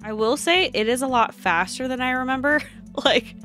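A woman streamer talking to her viewers during a live game stream, excitable, often gasping and exclaiming. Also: high voice, moderate pace, faint music behind. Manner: chatty, addresses her viewers directly.

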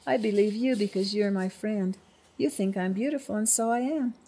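A woman voicing a wise, kindly old female spider in a storybook, gentle and patient. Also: mid-range voice, normal speed, husky. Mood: reassuring.

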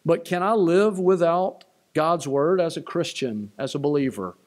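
Male pastor, slightly high voice, emphatic church sermon delivery with repeated refrains. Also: a little slow, a little mellow. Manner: emphatic, repeats key lines, rising on quotes. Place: church sanctuary.

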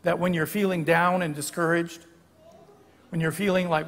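Preaching in a church sanctuary, an older guest preacher speaks at normal speed in a slightly high, a bit bright voice with little pitch movement, and a long reverb follows every phrase. His conversational teaching walks through the text, and he stops at times to correct how he's put things.

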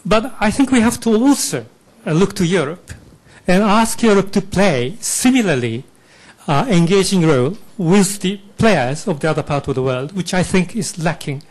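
A man from Japan, a diplomat with a Japanese accent, speaking from the audience in a measured way with fillers. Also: high-pitched, lively intonation, darkish tone. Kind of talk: question from the floor.

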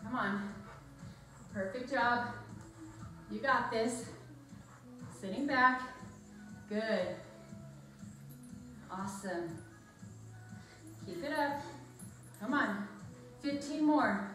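A woman's voice: fairly high pitch, drawn-out words, pauses often, a bit bright, soft background music. Upbeat woman fitness coach counting reps. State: out of breath. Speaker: fitness instructor. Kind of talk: coaching a home workout class. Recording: echoey room, mic far off.

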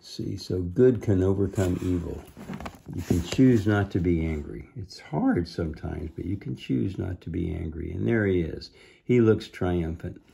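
A man reading a children's book aloud, adding gentle asides to explain the lesson. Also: deep voice, measured pace, vocal fry, a little hiss or hum. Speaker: reader.

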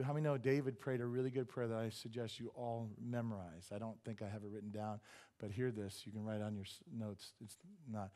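A man preaching a sermon in church. He gets loud and then drops to a hush, acts out quoted voices and jokes with the congregation. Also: mid-range voice. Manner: animated, swings from loud exclamations to hushed asides. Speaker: pastor. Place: church sanctuary.

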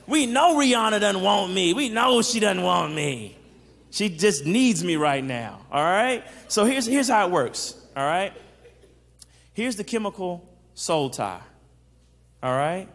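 High-voiced man teaching in an echoing hall. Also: a little slow. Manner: animated, checks in with the audience, acts out quotes. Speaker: psychologist giving a faith-based talk. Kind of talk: interactive teaching talk.

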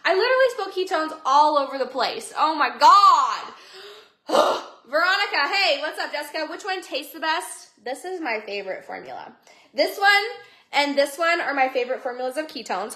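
A woman hosts a casual phone livestream from home, chatty and bubbly, greeting viewers by name. Her voice is high, bright and sharp. The room around her echoes. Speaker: livestream seller. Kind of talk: casual livestream sales chat.

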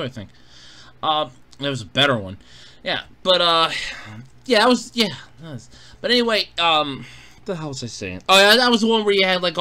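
A man with a bright, forceful tone gives an exasperated review as a profane rant. His pitch leaps around in lively swings, and his sarcasm is heavy. He talks into a home mic. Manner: exasperated, sarcastic, swears freely. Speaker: show reviewer.

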